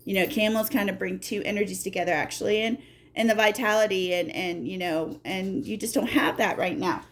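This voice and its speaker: A woman giving a casual tarot reading, talking straight to the viewer in an animated, blunt way and checking in with "okay?". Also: mid-range voice, a little fast. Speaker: tarot reader.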